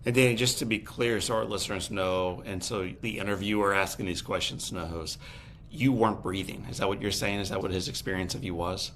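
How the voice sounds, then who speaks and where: Low-voiced host asking careful questions. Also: male voice, fairly even intonation, a little fast, a little hiss or hum. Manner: careful, clarifying, gently probing. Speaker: podcast host and interviewer. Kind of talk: interview questions.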